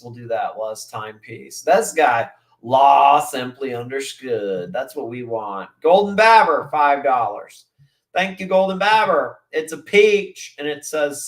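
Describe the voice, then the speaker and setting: A man hosting a casual livestream, rambling and swearing as he reacts to chat and videos. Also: mid-range voice. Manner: profane, rambling, mimics voices. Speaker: livestream host.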